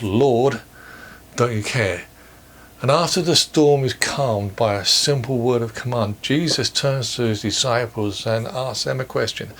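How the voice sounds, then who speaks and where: A man preaching a sermon for online worship, measured and earnest, posing questions to his listeners. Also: medium pitch, a bit bright. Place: church or home, recorded for online worship.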